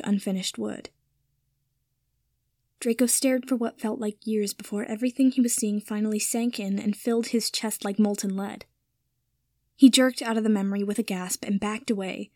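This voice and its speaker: A woman's voice: medium pitch, mellow, dry recording. Woman reading a story in a dry voice. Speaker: reader. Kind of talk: audiobook-style story narration.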